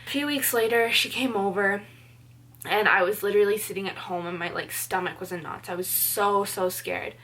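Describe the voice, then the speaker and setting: A young Canadian woman vlogs directly to the camera about her own life, earnest and chatty, using "like" a lot as a filler. Her voice is at an ordinary middle pitch for a woman, with fairly even intonation, a normal speed and a fairly bright tone.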